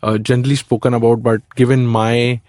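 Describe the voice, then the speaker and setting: A male podcast host asks long, searching questions in a tentative, rambling way, leaning on fillers. His voice sits at an ordinary pitch. The sound is dry and close. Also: little pitch movement, a little fast, a little mellow, dry recording. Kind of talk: casual interview questions.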